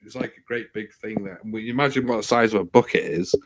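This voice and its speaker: A man's voice: on the low side, fast talker. A man hosting a stream, telling crude anecdotes with lots of swearing in casual chat. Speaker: stream host.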